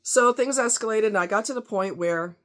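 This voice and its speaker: A woman telling a workplace story in a casual, exasperated, animated monologue. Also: on the high side, fairly quick. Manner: animated, exasperated, quotes others in raised voice. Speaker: storyteller recounting a workplace experience.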